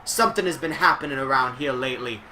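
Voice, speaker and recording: A man putting on a rough Scottish accent to read a wrestler's brooding promo, speaking solemnly and dramatically. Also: mid-range voice, fast, sharp tone, slight background noise. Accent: put-on Scottish, admittedly poor. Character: brooding Scottish male wrestler vowing vengeance.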